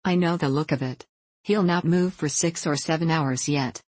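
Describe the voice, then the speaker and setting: A woman voicing a gruff, sneering old colonel. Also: low voice, moderate pace, darkish tone, no echo. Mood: blunt. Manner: curt, sneering.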